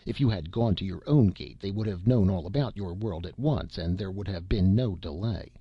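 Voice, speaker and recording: A man voicing a stern, gravelly heavenly head clerk. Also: low-pitched, no room sound, muffled recording. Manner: brisk, stern, questioning.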